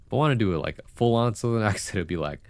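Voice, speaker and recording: Male streamer, deep voice, congested, lively, rambling casual delivery, dry close mic. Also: quick pace, no room sound. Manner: chatty, rambling, with many fillers and self-corrections. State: congested nose. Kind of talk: casual livestream commentary.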